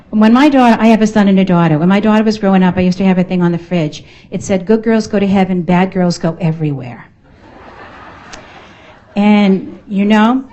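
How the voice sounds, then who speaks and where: A woman's voice: medium pitch, darkish tone, lo-fi sound. A middle-aged woman with a Boston accent giving an emphatic, playful motivational talk to a live audience at a networking event. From United States. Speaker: motivational speaker. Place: function room at a networking event.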